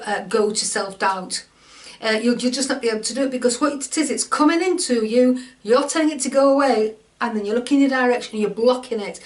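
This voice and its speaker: A woman giving an informal self-help coaching talk, chatty and repetitive, acting out inner voices. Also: a little high. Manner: chatty, repeats words, acts out inner voices.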